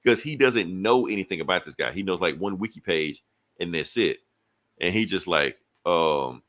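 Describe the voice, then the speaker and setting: A man's voice: deep voice, animated, moderate pace, a bit bright. A man hosting a podcast, casually recapping a comic book in a rambling, slangy way. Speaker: podcast host.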